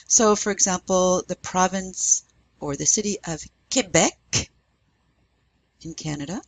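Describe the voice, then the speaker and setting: A woman's voice: lowish voice, slight background noise, rough recording. A woman French teacher giving a recorded lesson, patiently demonstrating pronunciation with repetition.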